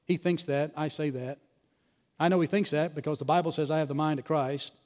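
A high-voiced male pastor preaches in a big church sanctuary, his words trailing off into a long hall reverb. He delivers his sermon with animated, punchy energy and drops sarcastic asides. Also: a little fast.

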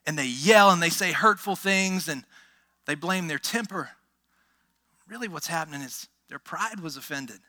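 A man preaching a sermon with a high, ringing, very bright voice. He drives his points home with emphasis, asks the congregation questions and breaks into quick exclamations. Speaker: pastor.

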